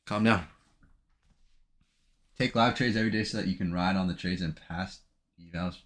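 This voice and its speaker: A man with a somewhat low voice talks through his trades live as he makes them. His commentary is anxious and emotional, and he keeps talking to himself. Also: moderate pace, a bit bright. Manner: anxious, emotional self-talk. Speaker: day trader streaming his trading.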